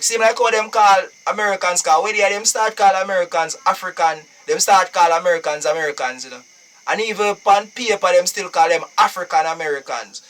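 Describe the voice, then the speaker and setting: A man's voice: high-pitched, fairly bright tone, recorded from a distance. A Jamaican man talking casually on a live stream, preachy and emphatic, repeating his phrases.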